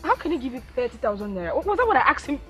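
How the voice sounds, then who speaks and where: A woman's voice: high voice, sing-song, racing, fairly bright tone, faint music behind. An actress with a Nigerian accent playing a teasing, playful mother figure. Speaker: actor.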